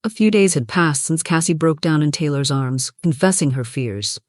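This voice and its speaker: A narrator reading a romance story in an even, steady way. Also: medium pitch, moderate pace, no echo, studio quality.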